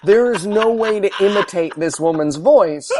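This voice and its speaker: A man co-hosting a comedy podcast, talking in a sarcastic, rambling way with quick restarts. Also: high-pitched, noisy background. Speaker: podcast co-host. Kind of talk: casual comedic movie chat.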